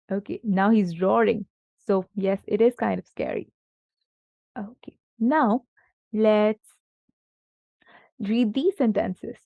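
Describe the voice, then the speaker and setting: A woman's voice: a little high, creaky, no room sound, muffled recording. A woman tutoring a young child in grammar, patient and encouraging, asking many questions and praising the answers. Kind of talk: one-on-one grammar lesson for a child.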